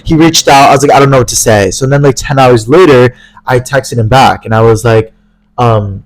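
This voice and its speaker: A young man co-hosting a podcast, telling a story in casual chat, animated and profane, acting out the voices of people he quotes. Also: mid-range voice, normal speed, poor audio. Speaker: podcast co-host.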